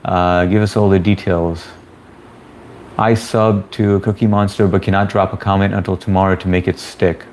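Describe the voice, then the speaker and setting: A man's voice: low-pitched, flat delivery, moderate pace, darkish tone, a little hiss or hum. A man hosting a casual livestream, reading viewer comments aloud and greeting people by name in a laid-back, chummy way. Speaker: livestream host.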